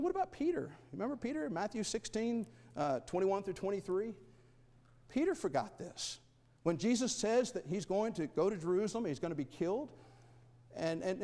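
A man preaching a sermon, asking rhetorical questions and swinging between loud and soft. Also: high voice, big-room sound.

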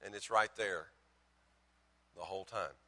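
A man preaching a sermon as pastor, swinging from loud emphasis to hushed lines and telling folksy, self-mocking stories. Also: low-pitched, measured pace, long reverb tail.

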